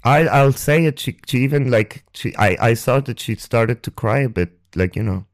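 A young man hosting a podcast, telling a personal story on a close microphone in a halting, rambling way, with restarts and swearing. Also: mid-range voice. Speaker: podcast host. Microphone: close ASMR microphone.

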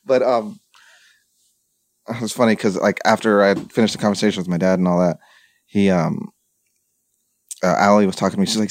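A man's voice: fairly low pitch, fairly even intonation, brisk, pauses often, no echo. A young man hosting a podcast, telling a long personal story in casual chat and swearing freely. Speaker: podcast host.

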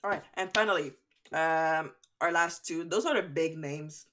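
Low-pitched young woman from Canada, podcast co-host, chatty and rambling. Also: a little slow, fairly bright tone, a little hiss or hum. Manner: chatty, rambling with fun facts. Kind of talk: casual chat.

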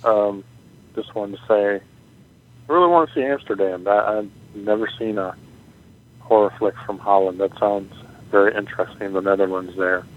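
Low-voiced Florida man over a tinny phone line. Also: normal speed. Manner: chatty, listing events with many fillers. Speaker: voicemail caller. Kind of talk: casual voicemail plug.

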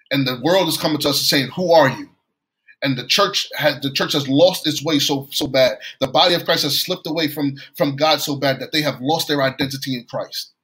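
A man's voice: medium pitch, a bit bright, low-quality recording. A man from New York preaching a sermon, telling a story and often repeating and restarting his phrases.

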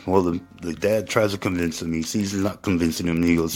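Brief: gravel-free but husky guy, deep voice, rambling, crude and emphatic. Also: fairly even intonation, a little fast, few pauses, a little mellow, soft background music. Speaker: storyteller. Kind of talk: profane casual monologue to viewers.

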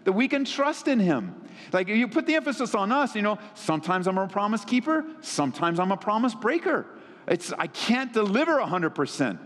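A fairly high-voiced male pastor preaching a sermon with lively swings in pitch. He sounds like he is in a church sanctuary, with long hall reverb trailing each phrase. His delivery is animated and energetic.

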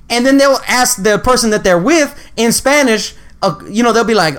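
A man's voice: very high-pitched, fairly quick, few pauses. A man in a casual chat who tells stories by acting out everyone in them. His voice swings up and down as he does the quotes, and he breaks into laughter often. He talks loose and profane. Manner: animated, acts out quotes, laughs often, swears.

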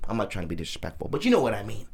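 A man hosting a podcast in casual chat, animated and profane as he talks over a fight on screen. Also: fairly low pitch, very fast, a crowd in the background. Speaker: podcast host.

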